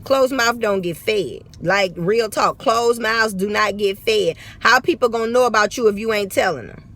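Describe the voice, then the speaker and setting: A woman's voice: mid-range voice, normal speed, fairly bright tone. A woman with a St. Louis accent giving blunt, profane, emphatic motivational talk in a vlog, recorded on a phone. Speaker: vlogger.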